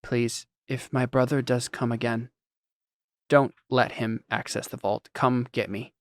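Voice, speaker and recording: A guarded young noblewoman, as a man voices her, speaking softly and with care, as if holding back worry. The voice sits in a middle register, recorded close and dry, for a tabletop game session. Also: medium pitch, steady tone, unhurried, no echo, natural voice. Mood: troubled.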